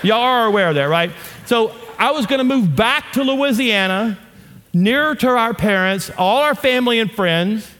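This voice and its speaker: A man preaching a sermon and telling a story, moving between loud, animated bursts and hushed asides. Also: very high voice, moderate pace, long reverb tail. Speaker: pastor.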